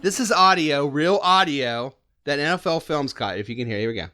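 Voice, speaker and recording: A man's voice: on the high side, a little fast. Laughing sports podcast host, man. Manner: laughing, animated storytelling. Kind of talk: casual sports chat.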